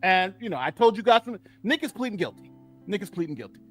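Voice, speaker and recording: Speaking fast in a high-sitting voice, a man runs a relaxed live-stream commentary for a legal channel as faint music plays behind him. His manner is animated and gloating, chatty, and given to repetition.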